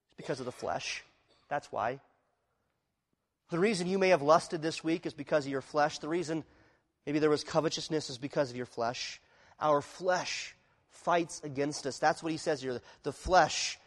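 A man preaching a sermon, shifting from quiet, confessional passages to loud, emphatic ones and acting out the voices of inner struggle. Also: fairly high pitch, big-room sound. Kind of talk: expository sermon.

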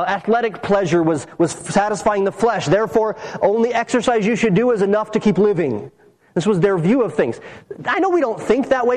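A pastor preaching a sermon and explaining a verse, earnestly teaching and slowing down to stress key phrases. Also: male voice, sits high, a little mellow, low-quality recording.

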